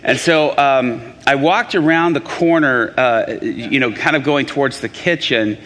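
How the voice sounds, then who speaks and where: A man's voice: mid-range voice, unhurried. Guy preaching a testimony, storytelling, lots of restarts, echoey hall sound. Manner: animated storytelling with restarts and acted quotes. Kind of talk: testimony sermon. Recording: long hall reverb.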